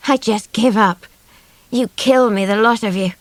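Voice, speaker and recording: A woman voicing a calm, weary man on the run, speaking low and unhurried, at times almost whispering. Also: dry recording, lightly acted.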